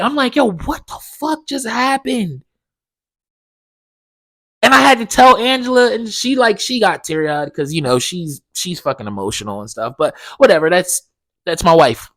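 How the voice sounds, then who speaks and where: A young man hosting a solo podcast, telling a story in a profane, animated way full of slang. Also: high-pitched. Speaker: podcast host. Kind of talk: casual solo podcast monologue.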